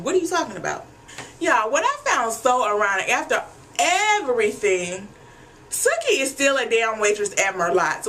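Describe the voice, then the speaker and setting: A talkative woman with a fairly high voice, chatting through an episode recap in a blunt, freewheeling way. She swears casually and keeps turning to her audience as if they were friends on the couch. A faint hiss sits under her voice. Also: fairly bright tone. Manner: chatty, blunt, freely profane, addresses viewers as y'all.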